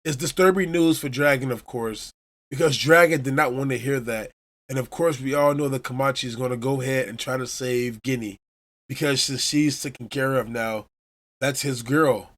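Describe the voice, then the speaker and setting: A man from Chicago hosts a casual podcast, retelling each scene with eager energy. His voice sits at an ordinary, middle pitch. He talks like a fan walking friends through the plot. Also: normal speed, a bit bright. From Chicago, USA. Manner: enthusiastic storyteller retelling scenes. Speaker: podcast host. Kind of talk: casual manga chapter recap.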